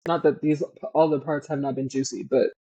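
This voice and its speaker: A woman cohosting a podcast, recapping a book in a casual, animated and profane way. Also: a bass voice, fairly quick, husky, lo-fi sound.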